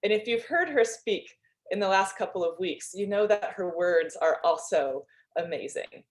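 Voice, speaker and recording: A woman's voice: medium pitch, animated, moderate pace. A woman leading an online club meeting as toastmaster, chatty and upbeat, talking over a video call. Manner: chatty, upbeat, with fillers and laughs.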